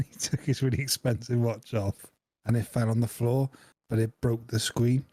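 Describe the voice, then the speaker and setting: A man's voice: mid-range voice, level tone, normal speed, mellow, dry recording. Joking man, dry close sound. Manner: jokey, laughs often, acts out voices in anecdotes. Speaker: podcast co-host. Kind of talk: casual chat.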